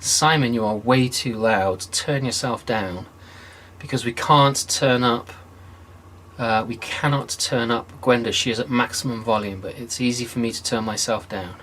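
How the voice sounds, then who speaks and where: A man's voice: mid-range voice, a little hiss or hum. Chatty man hosting a livestream. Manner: chatty, upbeat, quick shout-outs to viewers. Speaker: host. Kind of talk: casual livestream chat. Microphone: video call.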